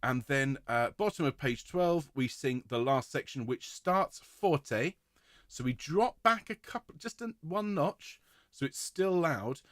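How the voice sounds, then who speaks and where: A man directing a choir rehearsal, giving clear, encouraging instructions and singing out rhythms to demonstrate them. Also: a little high, lively intonation, unhurried, a bit bright, no room sound, clean studio sound.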